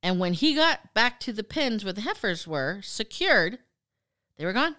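A woman co-hosting a casual podcast, telling a story in an animated way, with some swearing and acted-out quotes. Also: medium pitch, moderate pace. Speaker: podcast co-host.

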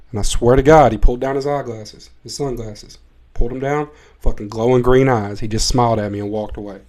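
Mellow-voiced man telling a profane comic story. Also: medium pitch, quick pace. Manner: profane, excitable, rambling with restarts. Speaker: podcast host. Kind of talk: comedic storytelling monologue.

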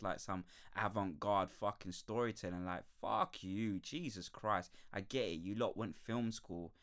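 Sweary young man ranting. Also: lowish voice. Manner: sweary, animated ranting with frequent laughs. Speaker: podcast host. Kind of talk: casual ranting monologue.

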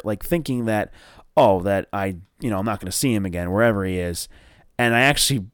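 A man from northern New Jersey hosting a casual wrestling review podcast, rambling and excitable with lots of fillers and swearing. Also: lowish voice, moderate pace, no echo, clean studio sound. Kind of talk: casual solo review show.

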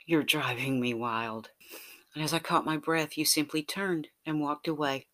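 A narrator telling a romantic second-person audio story in a soft, intimate way, often sliding into a breathy whisper. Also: mid-range voice, steady tone, measured pace.

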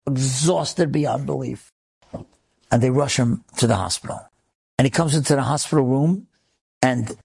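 A man's voice: mid-range voice, creaky, a little mellow, breathy edge. A man, a rabbi, telling an inspirational story with emotive delivery that rises in intensity. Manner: emotive, builds to rising intensity.

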